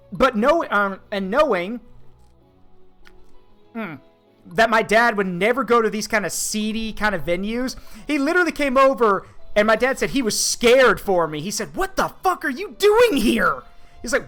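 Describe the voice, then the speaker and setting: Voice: mid-range voice, fairly bright tone. A streamer host in casual chat, telling a long story with lots of fillers and restarts. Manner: rambling, filler-heavy storytelling.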